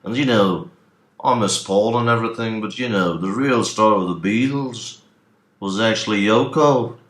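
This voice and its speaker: A man's voice: on the low side, normal speed, a bit bright, lightly acted. Man doing an aloof older rock musician. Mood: lofty. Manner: lofty, meandering musing. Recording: echoey room.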